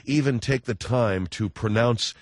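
A man hosting a talk radio show, chatting with callers in a rambling, halting way full of fillers and restarts, joking and slipping into mocking voices. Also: mid-range voice, no echo, studio quality. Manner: jokey, breaks into mocking voices.

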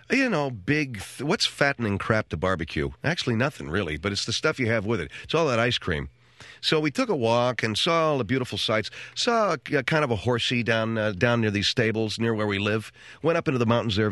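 A middle-aged radio talk show host with a medium-pitched, slightly bright voice tells meandering comic stories laced with wisecracks. Along the way he performs other people's voices, and there is no echo on the recording.

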